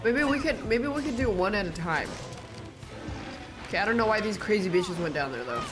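A young woman streaming a game, commenting excitedly and swearing as she plays, out of breath. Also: medium pitch, fairly quick. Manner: excitable, swearing, thinking aloud. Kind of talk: live gameplay commentary. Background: game music.

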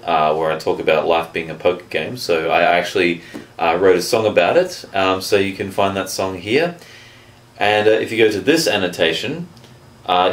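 A man hosting his own video channel, talking in a chatty, hesitant way with frequent restarts as he makes announcements, recorded in a room at home. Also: deep voice. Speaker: YouTube channel host. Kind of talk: casual vlog announcement. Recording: roomy echo.

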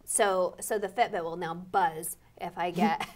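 A woman's voice: fairly low pitch, a little slow, a little mellow. A woman hosting a local talk show, chatting casually with her co-hosts. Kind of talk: casual chat.

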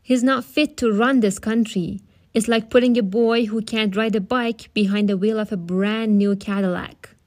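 A woman's voice: medium pitch, fairly even intonation, moderate pace, a little mellow, natural voice. Woman reading as a scornful lecturing father. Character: blustering opinionated middle-aged immigrant father.

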